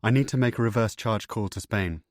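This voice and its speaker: A man's voice: fairly low pitch, brisk, no echo, studio quality, lightly acted. A man reading an audiobook, voicing a tense, desperate father who speaks in urgent, clipped bursts.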